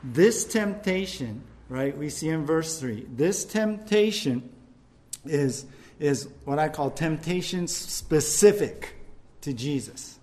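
Preacher, male, slightly high-pitched, chatty sermon delivery with playful asides. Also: lively intonation, slow, darkish tone. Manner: conversational preaching, acts out quoted voices; repeats words, frequent "right?" asides. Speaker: pastor.

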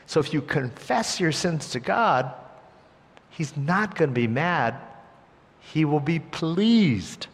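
Male preacher, fairly high voice, sermon delivery that drops to a hush and then rises to emphasis, long hall reverb. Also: slow. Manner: expressive, swings between hushed and emphatic delivery.

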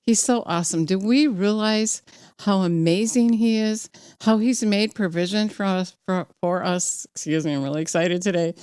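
Her mid-range voice is smooth and a little mellow, moving at a moderate pace on a dry recording. Preaching fervently from personal experience, she exhorts her listeners, builds to forceful peaks, and reads scripture with some slips.

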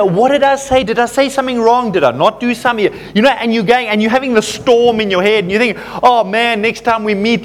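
A man preaching a sermon to his congregation, telling stories in a relaxed, conversational way, full of fillers and self-deprecating asides. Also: high-pitched, a little hiss or hum. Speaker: pastor.

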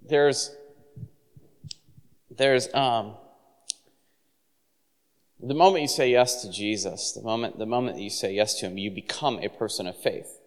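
Animated male preacher in a reverberant hall. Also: on the low side, measured pace, long pauses. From San Francisco. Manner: animated, laughing storyteller acting out quotes. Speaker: pastor. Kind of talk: sermon storytelling. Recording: long reverb of a large hall.

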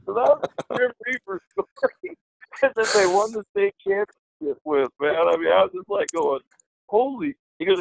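A man telling a lively anecdote in a casual way, acting out the voices of the people in it. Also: high voice, moderate pace, creaky. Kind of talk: casual storytelling. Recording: dry, phone-like line.

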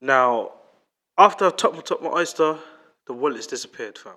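A man's voice: mid-range voice, lively intonation, moderate pace, pushed and bright. A young man with a London accent telling a rambling story to friends in casual, slangy talk full of swearing. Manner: slangy, swears freely, loose rambling delivery.

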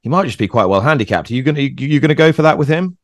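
A man hosting a racing podcast who interviews guests in a brisk, jokey and enthusiastic way. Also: medium pitch, animated, no echo. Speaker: podcast host. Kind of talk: interviewing and presenting.

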